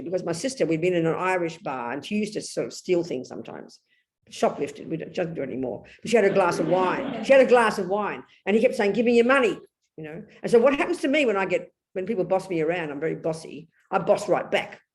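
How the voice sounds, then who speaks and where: An older English woman teaches with blunt, lively energy, her pitch leaping and falling as she tells her story. She shifts quickly from quiet asides to sudden loud outbursts. Her talk is direct and unpolished. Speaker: Buddhist nun teacher. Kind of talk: Dharma talk.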